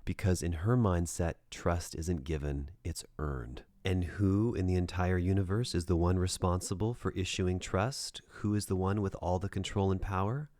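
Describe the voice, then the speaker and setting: A man with a deep, low voice, talking straight to the listener as a dating coach. His delivery is direct and conversational, and now and then he checks in with the listener. The sound is dry and close, with no room echo. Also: fairly even intonation, moderate pace, hardly any pauses, darkish tone. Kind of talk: advice monologue.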